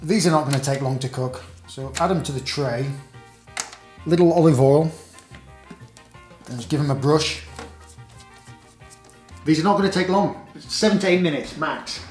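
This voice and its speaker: A man's voice: fairly high pitch, moderate pace, long pauses, a little mellow. A man with a Yorkshire accent hosting a cooking video in his home kitchen, upbeat and chatty as he talks through each step. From Yorkshire, England. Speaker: chef and cooking show host. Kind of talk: casual cooking video narration. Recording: echoey kitchen with faint music. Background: faint background music.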